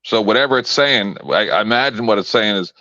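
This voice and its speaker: Bright-voiced man, dull lo-fi sound. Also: on the low side, fairly quick, no room sound. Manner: rambling, blunt and joking, with restarts. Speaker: co-host. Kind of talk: casual chat.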